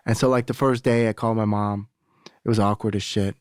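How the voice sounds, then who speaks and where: A man's voice: on the low side, fairly even intonation, brisk, clean tone, no room sound, studio quality. A young adult man, a podcast guest, telling a candid personal story in casual talk, swearing freely and acting out the voices of people he quotes.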